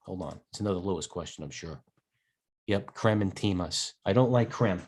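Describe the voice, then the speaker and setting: A man's voice: sits low, normal speed, a little mellow. Tired, rambling man on market talk. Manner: rambling, digressive, stops to answer chat questions. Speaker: host and stock broker. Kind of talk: live market commentary.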